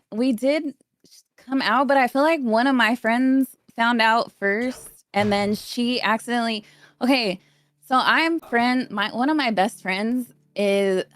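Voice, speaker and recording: Chatty woman telling stories. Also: mid-range voice. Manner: chatty, rambling storyteller. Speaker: podcast guest. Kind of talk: casual chat.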